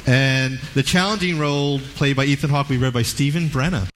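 A man's voice: mid-range voice, a little fast, fairly bright tone, slight background noise. A man moderating a live event, upbeat and peppered with fillers.

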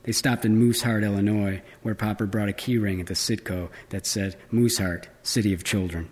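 A man's voice: on the low side, steady tone, fairly quick, breathy edge. A man reading fiction aloud, with casual, filler-laden asides between passages.

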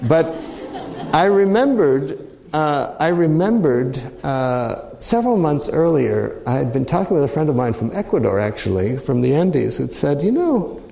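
A middle-aged man speaks as a mediator, his voice a little high and gravelly with a mellow tone. He tells his story reflectively and often restarts his phrases. The sound is roomy and echoey. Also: animated, moderate pace. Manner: reflective, anecdotal, frequent restarts. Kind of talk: storytelling talk. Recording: roomy echo.

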